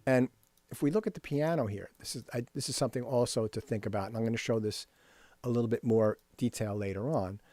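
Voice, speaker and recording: A man's voice: mid-range voice, fast, mellow. A man teaching a workshop on rhythm for composers, explaining at his computer and scatting rhythms aloud, often checking in with "right?". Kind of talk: screen-share music lesson. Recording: dry close recording with faint music.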